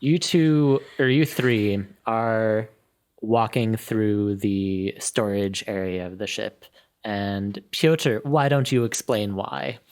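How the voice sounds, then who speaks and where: A man narrating as game master of a tabletop game, unhurried, with many fillers and quiet trailing phrases. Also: fairly low pitch, smooth.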